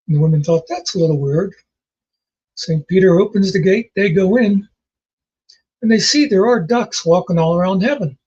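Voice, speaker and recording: A man's voice: high-pitched, normal speed, a little mellow, husky, muffled recording. A man casually telling jokes as host, rambling and folksy in his storytelling.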